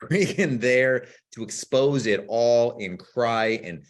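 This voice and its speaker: A man co-hosting a podcast in casual chat, excitable and quick to swear, acting out his own reactions. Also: mid-range voice. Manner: excitable, rapid bursts, swears, acts out yelling. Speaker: podcast co-host.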